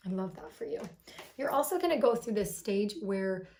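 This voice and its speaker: A woman's voice: medium pitch, animated, normal speed, mellow. A young adult woman doing a tarot reading to camera, emotional and affectionate, often sighing and gushing. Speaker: tarot card reader.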